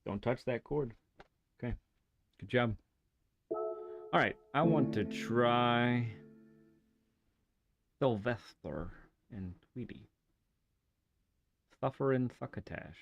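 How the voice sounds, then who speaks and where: A man's voice: medium pitch, animated, slow pace, creaky, pauses often, muffled recording, soft background music. A man streaming a racing game, chatting casually and enthusiastically, rambling with many restarts and laughs. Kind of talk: casual livestream chat while playing a racing game.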